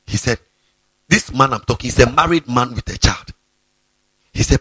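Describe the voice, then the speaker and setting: Fiery husky pastor. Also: male voice, mid-range voice, lively intonation, moderate pace, bright, forceful tone, no echo. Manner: fiery, scolding, repeats himself. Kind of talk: sermon to students.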